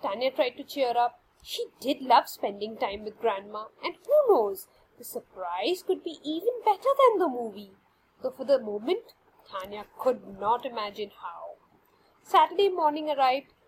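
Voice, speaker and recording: A woman reading a children's story aloud in an expressive, animated way. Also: on the high side, moderate pace, slight background noise, rough recording.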